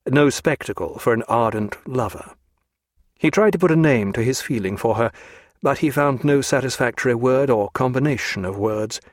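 An audiobook narrator with a mid-range voice reads a novel aloud from a script in a measured, even storytelling manner. The studio sound is clean, with no echo.

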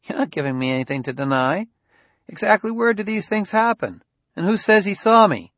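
A man voicing a defiant middle-aged male suspect who turns shrill and shouts when cornered. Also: sing-song, moderate pace, dry recording. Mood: sneering.

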